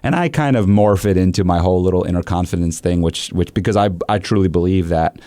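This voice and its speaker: A man's voice: low-pitched, quick pace, no room sound. A man hosting a conversational interview, a coach who tells stories animatedly and acts out quotes. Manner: animated storytelling with acted-out quotes. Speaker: podcast host and coach.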